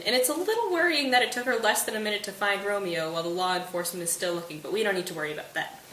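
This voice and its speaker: A woman's voice: mid-range voice, pushed and bright, far from the mic. A young woman casually summarizing a play for a study video, in a breezy, slangy way. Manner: breezy, slangy retelling with quick quoted asides. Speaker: student presenter. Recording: echoey room, off-mic, faint hiss.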